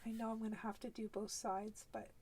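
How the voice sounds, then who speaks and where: Her high, fairly flat, slightly mellow voice moves briskly, with a bit of hiss or hum in the audio. This East Coast Canadian woman runs a live crafting demo, relaxed and talkative as she works step by step, with frequent small laughs.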